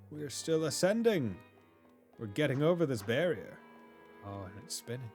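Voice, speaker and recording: A man's voice: medium pitch, very animated, normal speed, a little mellow, faint music behind. Joking male game streamer. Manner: joking, reads game lines aloud. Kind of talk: casual gameplay commentary.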